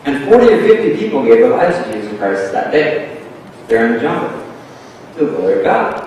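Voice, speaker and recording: A man's voice: mid-range voice, brisk, slight background noise. Echoey male pastor telling a story. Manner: animated storyteller acting out voices. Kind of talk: sermon storytelling. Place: church sanctuary. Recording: echoey hall, mic from a distance.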